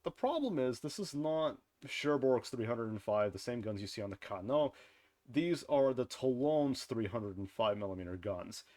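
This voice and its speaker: A man's voice: mid-range voice, animated, normal speed, warm tone, dry recording. A man casually reviewing a game's dev blog, rambling and offhand, often correcting himself mid-sentence and chuckling at his own jokes. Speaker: game content creator reviewing a dev blog. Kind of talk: casual commentary over screen content.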